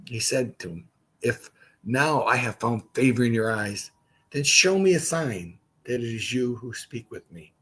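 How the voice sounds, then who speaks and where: A man's voice: medium pitch, lively intonation, a little slow, fairly bright tone, husky, poor audio. A man leading a casual livestreamed Bible study, reading scripture aloud and adding his own asides.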